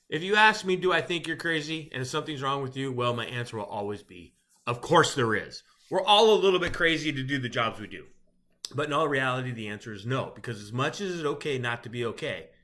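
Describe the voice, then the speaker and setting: A man's voice: medium pitch, pushed and bright. A middle-aged man, a chaplain, giving a conversational, wry motivational talk to first responders. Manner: conversational, wry, chuckles at his own jokes.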